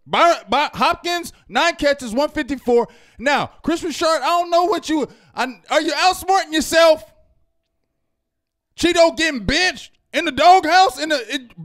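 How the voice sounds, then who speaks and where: A man delivers a heated postgame rant in a strikingly high voice. He is loud and fired up, hammering his points and checking in with the listener again and again. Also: vocal fry. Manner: loud, fired-up ranting with repeated "you feel me?". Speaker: fan show co-host.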